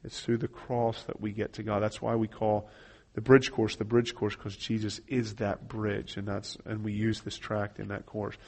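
A man's voice: lowish voice, flat delivery, moderate pace, a little mellow. Earnest man explaining a gospel tract. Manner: earnest, reads scripture aloud and explains step by step. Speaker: evangelism trainer. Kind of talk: instructional talk walking through a gospel tract.

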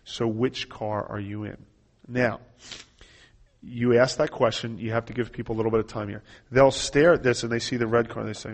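A man's voice: medium pitch, fairly even intonation, normal speed. A man teaching how to share a gospel tract, earnestly reading scripture passages aloud and explaining each step. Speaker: evangelism trainer. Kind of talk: instructional talk walking through a gospel tract.

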